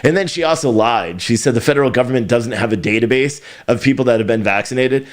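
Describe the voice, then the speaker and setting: A middle-aged man hosting his own news show. He rants in a sarcastic tone, laughs at his own jokes and swears as he goes. His voice sits at an everyday middle pitch. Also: fast. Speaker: news commentary host. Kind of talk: casual opinionated commentary.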